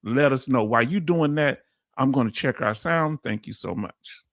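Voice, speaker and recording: A man from Houston with a Houston, Texas accent, hosting a casual live-stream explainer in an energetic, folksy way and calling his audience family. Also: mid-range voice, normal speed, dry recording, studio quality. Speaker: host.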